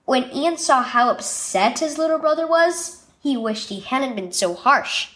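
A woman narrating a scripted children's devotional story with expressive storytelling. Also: sits high, unhurried, few pauses.

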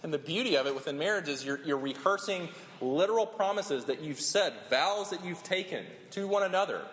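A pastor preaches an earnest sermon in a fairly high, fairly bright voice, speaking fairly quickly with lively intonation. He often repeats words as he builds his points, and the recording carries long hall reverb and faint room noise.

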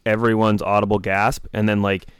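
Dude talking fast and loose, swears a lot, deepish clean voice, dry mic. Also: male voice, clean tone, dry recording. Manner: excitable, profane, lots of fillers. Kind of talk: casual storytelling podcast chat.

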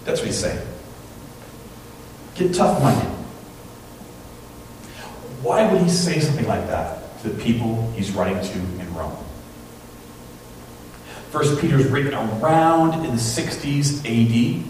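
A man preaches a relaxed, conversational sermon, often tossing in "right?" to the congregation. He is heard from some distance in a very echoey church, with a faint hum underneath. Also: medium pitch, moderate pace. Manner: chatty, often asks "right?". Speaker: pastor.

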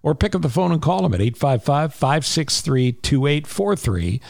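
A man's voice: on the high side, very animated, moderate pace, gravelly, darkish tone, no room sound, studio quality. A man hosting a podcast, reading an ad and a charity plug in a chatty, emphatic way that repeats key points. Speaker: podcast host. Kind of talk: casual podcast talk with ad read.

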